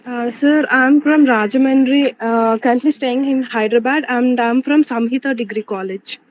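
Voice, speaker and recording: A woman's voice: high-pitched, moderate pace, a little hiss or hum. A young woman student with an Indian English accent answering politely and hesitantly in an online class, often calling the teacher sir.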